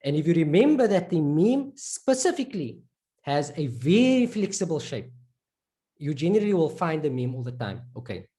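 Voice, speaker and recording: A man from South Africa with a South African accent, teaching Arabic letters to a class and repeating each sound slowly. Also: a little high, big pitch swings, warm tone. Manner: slow, repeats sounds and words for students. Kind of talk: live online lesson.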